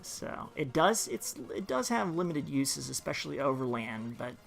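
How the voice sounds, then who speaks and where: A man giving casual, rambling gameplay commentary, full of pauses and restarts. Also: on the high side, sing-song, vocal fry. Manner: rambling, with many fillers and restarts. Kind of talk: casual let's-play commentary. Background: game music.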